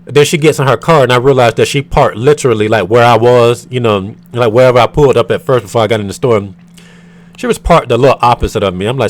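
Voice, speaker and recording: A man's voice: mid-range voice, quick pace. A man from the United States telling a storytime rant to his viewers in an irritated, profane, rambling way with many fillers. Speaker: vlogger.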